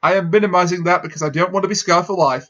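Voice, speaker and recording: Bright, high-voiced man laughing through a recap. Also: racing. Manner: stumbling, laughing while recapping. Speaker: podcast co-host. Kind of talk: casual review chat.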